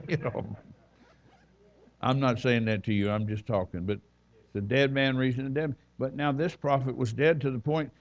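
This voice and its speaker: A man's voice: medium pitch, moderate pace, muffled recording. A man preaching as a visiting minister, telling folksy stories and reading scripture aloud. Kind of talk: sermon.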